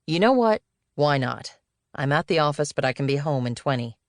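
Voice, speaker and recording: A woman's voice: sits low, animated, moderate pace, dry recording, clean studio sound. A woman voicing a laid-back, evasive middle-aged male executive who talks in a casual, breezy way.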